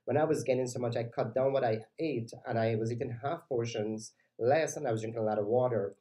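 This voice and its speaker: A man's voice: medium pitch, fairly quick, mellow, poor audio. A man DJ hosting a casual live stream, chatting with viewers, greeting them by name and reading their comments aloud. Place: lives in New York.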